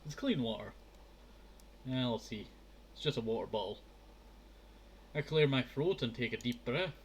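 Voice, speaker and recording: A man's voice: medium pitch, expressive, moderate pace, slight background noise. Chatty man with a strained throat. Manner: chatty, stumbles over words. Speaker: game streamer. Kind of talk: casual let's-play commentary.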